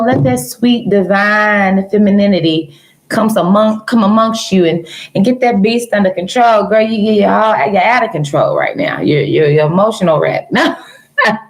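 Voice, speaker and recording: A woman with a mid-range voice and lively intonation livestreams tarot card readings at a moderate pace over a rough recording. Answering viewers casually and teasingly, she calls them "girl" and "baby," laughs often, and shifts from jokes to earnest advice.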